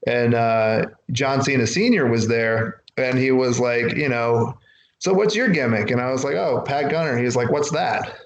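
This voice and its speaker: A man's voice: medium pitch, echoey room, rough recording. A man being interviewed, telling long rambling stories and acting out what others said to him. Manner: rambling, acts out quotes from others. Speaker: wrestler guest. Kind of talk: casual interview storytelling.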